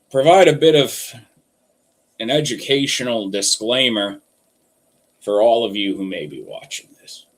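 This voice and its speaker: A man's voice: mid-range voice, fairly bright tone. A man hosting a livestream, commenting on a played clip in a wordy, dry, sarcastic way. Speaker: commentary host.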